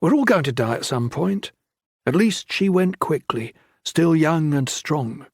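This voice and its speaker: A wisecracking young cadet, put on by a male narrator, trades teasing jibes. His voice sits higher and brighter than the narration, with a quick, casual lilt. Dry, close audiobook sound. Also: animated, slightly rough, dry recording, full character voice. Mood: joking. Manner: joking, teasing banter.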